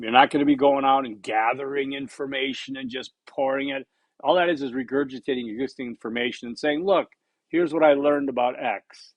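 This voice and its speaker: A man's voice: mid-range voice, dry recording. A man in his sixties giving a recorded college lecture, blunt and conversational, repeating points for emphasis. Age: 60s. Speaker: college instructor.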